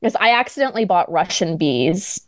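Chatty woman, low voice, dry sound. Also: expressive, brisk, no room sound. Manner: chatty, laughs often, lots of "like". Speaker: guest author. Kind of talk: casual podcast chat.

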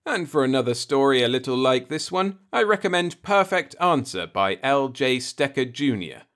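A man narrating a science fiction short story as an audiobook reader, in an even, unhurried storytelling manner. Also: medium pitch.

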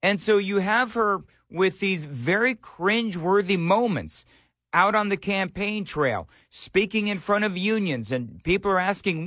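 A male talk radio host on a dry, close studio mic, his voice sitting a touch high for a man. He talks in an opinionated monologue, sarcastic and leaning on rhetorical questions. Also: animated, measured pace, fairly bright tone, no echo. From Nashville area.

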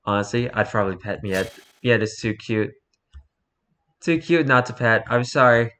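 Male host, bright tone, dry playful reader of posts. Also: medium pitch, moderate pace. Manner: wry, playful asides. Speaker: video host reading posts. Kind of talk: casual commentary.

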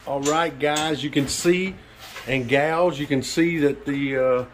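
A man's voice: fairly high pitch, slow pace, slight background noise. A man walking viewers through kitchen work in a casual vlog, explaining step by step with plenty of fillers. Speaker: vlog co-host, pastor. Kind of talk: casual home-remodel vlog walkthrough. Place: indoors in a kitchen.

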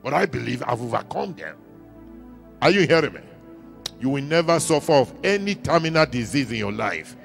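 A man's voice: medium pitch, big pitch swings, moderate pace, creaky, faint music behind. A man with a Nigerian accent preaching a sermon in church, emphatic, repeating key lines and calling for the congregation to answer. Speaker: pastor.

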